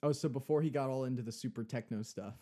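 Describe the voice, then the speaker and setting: A man co-hosting a podcast, chatting in a laid-back way with quick reactions. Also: medium pitch, mellow. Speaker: podcast co-host. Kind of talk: casual chat.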